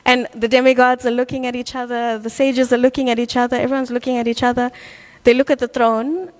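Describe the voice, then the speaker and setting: A woman teaching a devotional scripture class, telling a story in a lively way with many fillers. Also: a little high, fast talker. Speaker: class speaker.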